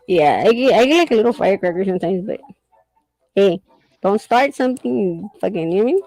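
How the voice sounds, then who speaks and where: A woman's voice: mid-range voice, lively intonation, normal speed, pauses often, darkish tone, no room sound, rough recording. A middle-aged woman chatting candidly and casually, swearing and laughing often as she talks. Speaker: host. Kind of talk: casual chat.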